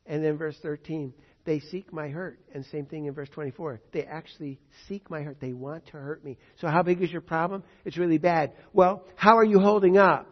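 A man's voice: on the high side, normal speed. Man preaching from scripture, lo-fi sound. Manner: reads scripture verses and paraphrases them in plain words, with rhetorical questions. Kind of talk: sermon.

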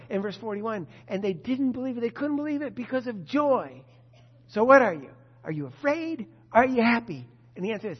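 A pastor preaching a sermon to his congregation, emphatic and expressive. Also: high-pitched, normal speed, breathy edge. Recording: dull lo-fi sound with long reverb.

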